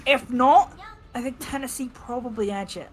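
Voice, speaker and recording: A woman's voice: a little high, moderate pace. Analytical female esports analyst. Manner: analytical, thinking aloud with many restarts. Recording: faint game music behind.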